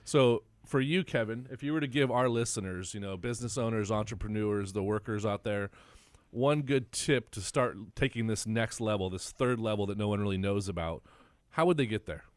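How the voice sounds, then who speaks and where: A man hosting a podcast, asking questions and reflecting on what his guest says in a measured way. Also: fairly low pitch, no room sound. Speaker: podcast host. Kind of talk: podcast conversation.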